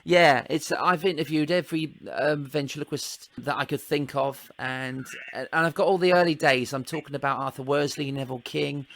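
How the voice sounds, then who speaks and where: A man hosting a podcast, chatty and quick to laugh as he wraps up an interview. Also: a little high, fairly even intonation, a little hiss or hum. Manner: chatty, laughs often, warm thanks. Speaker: podcast host. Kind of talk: casual interview and outro.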